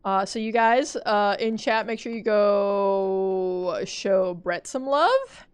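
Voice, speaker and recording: A young woman streaming a game live, talking to her chat in a panicky, excitable way. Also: medium pitch, slow, clear, resonant tone. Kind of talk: live gameplay commentary.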